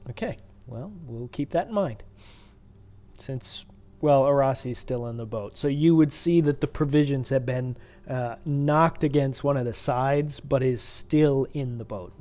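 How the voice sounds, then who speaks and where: A man narrating as dungeon master of a tabletop game, halting, with many pauses and fillers. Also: medium pitch, mellow. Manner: halting, full of uhs and ums.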